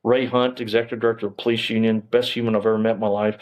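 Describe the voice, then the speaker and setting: A man's voice: lowish voice, little pitch movement, very fast, highs cut off. A middle-aged man, telling his story as an interview guest, bluntly and emphatically, with plenty of cursing and fillers. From Texas.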